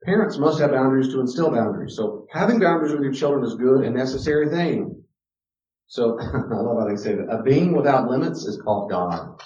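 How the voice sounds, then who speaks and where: A middle-aged man giving a sermon-style teaching, animated, often acting out children's voices. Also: medium pitch, a little fast. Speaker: pastor teaching a class. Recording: echoey room, dull lo-fi sound.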